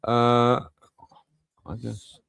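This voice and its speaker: A man's voice: medium pitch, completely flat delivery, very slow, vocal fry, fairly bright tone, clear, resonant tone, no echo. A man streaming a football watch-along, swearing, venting and chatting with his viewers. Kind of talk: live match commentary and chat.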